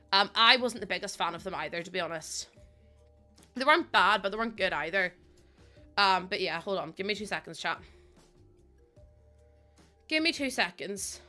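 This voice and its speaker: A woman's voice: fairly high pitch, sharp tone. A young British woman streaming live from home, chatting casually with viewers, laughing often and swinging between playful squeals and mock grumbling. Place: home room.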